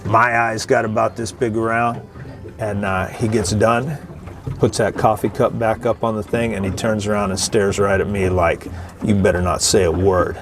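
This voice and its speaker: A man's voice: lowish voice, flat delivery, normal speed. A middle-aged man, a Coast Guard veteran, casually telling a joking, salty story to his viewers. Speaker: retired Coast Guard veteran, video host. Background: music.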